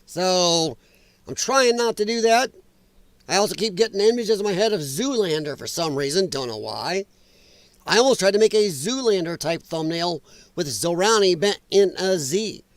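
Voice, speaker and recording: This host's high, expressive voice moves at a moderate pace with no echo, picked up by his own mic. He runs a casual political commentary livestream, sarcastic and talkative, laughing often with a slightly strained voice.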